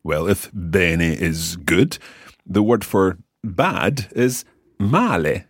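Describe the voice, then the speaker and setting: A man hosting a language lesson, patiently explaining and modelling words slowly for the listener to repeat. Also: low voice, lively intonation, slightly rough, dry recording, clean studio sound. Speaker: language teacher and host.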